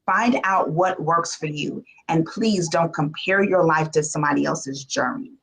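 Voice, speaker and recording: A woman on a panel giving advice slowly and emphatically in short phrases. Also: low-pitched, gravelly, a bit bright, low-quality recording.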